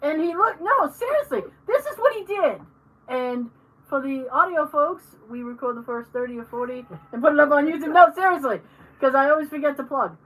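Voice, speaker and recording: A woman's voice: high-pitched, a little fast, low-quality recording. A woman hosting a podcast, telling stories in casual chat and acting out what family members said. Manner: animated storyteller, acts out family members. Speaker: podcast host.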